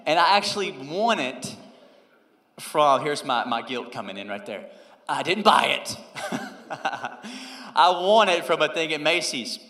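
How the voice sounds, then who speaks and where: A young adult man, a pastor, telling a personal story in a conversational, animated sermon and dropping low and soft whenever he quotes God. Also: a little slow, pauses often. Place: church sanctuary. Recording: echoey church hall with long reverb.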